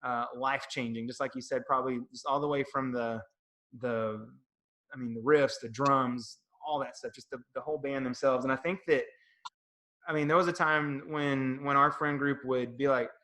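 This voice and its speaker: A middle-aged man co-hosting a music podcast, telling rambling, animated stories in casual chat. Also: mid-range voice, moderate pace. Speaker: podcast co-host.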